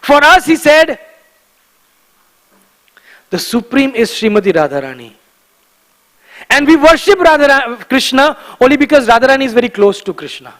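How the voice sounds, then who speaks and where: A man giving a devotional morning class in a temple, emphatic and animated, repeating key words for stress and often chuckling. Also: very high-pitched, normal speed, long pauses, big-room sound, low-quality recording. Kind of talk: devotional lecture. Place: temple hall.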